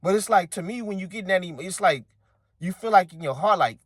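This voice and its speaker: Man, fired-up sports rant, slightly high voice, dry close sound. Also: expressive, fairly quick, dry recording. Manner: heated, repetitive, talks straight to viewers. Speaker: sports commentary channel host. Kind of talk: casual sports opinion rant.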